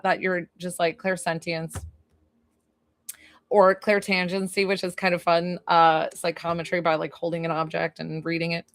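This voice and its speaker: A woman's voice: fairly low pitch, fairly bright tone, no echo. A woman hosting a live stream as a psychic medium from her basement, chatting effusively with viewers and swearing casually. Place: basement room.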